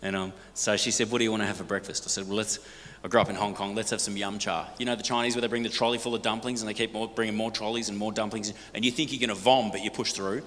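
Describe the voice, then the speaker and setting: Aussie bloke, middle-aged, fairly low voice, chatty and jokey with the crowd, big reverby church. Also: male voice, fast talker. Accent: Australian. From Australia. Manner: lively, jokey, asks the audience questions. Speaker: guest speaker. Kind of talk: storytelling talk to a church congregation. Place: large church hall.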